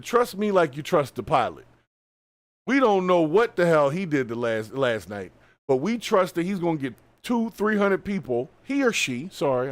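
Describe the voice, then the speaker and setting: A man hosting a live stream, reacting to a video with casual, animated, colloquial commentary. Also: fairly high pitch, no room sound. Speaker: host.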